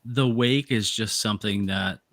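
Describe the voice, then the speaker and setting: Co-host, male, low-ish voice, rambling storyteller, dry close mic. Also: measured pace, fairly bright tone, no echo. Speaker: co-host of a live fishing stream. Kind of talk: casual chat.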